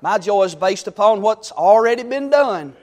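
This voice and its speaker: A high-voiced, middle-aged man preaches with fervor. He swings from ringing exhortation down to soft, homey storytelling. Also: expressive, moderate pace. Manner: fervent, swings from loud exhortation to quiet storytelling. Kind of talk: sermon.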